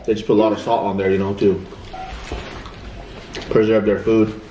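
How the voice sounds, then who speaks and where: A man's voice: on the low side, flat delivery, normal speed, mellow, roomy sound, dull audio, slight background noise. A man, a father and vlog host, chatting casually while eating at home. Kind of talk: casual mukbang chat. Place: family home at the dining table.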